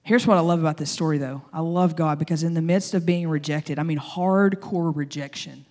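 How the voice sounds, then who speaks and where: A woman pastor preaching in an animated, humorous, conversational sermon style. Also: low-pitched, brisk.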